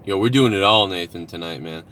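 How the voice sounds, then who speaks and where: A man's voice: sits low, a little fast, sharp tone, slight background noise. Profane, rambling man hosting a stream. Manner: rambling, profane, reads out donations. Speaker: live-stream host. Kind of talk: casual live-stream chat.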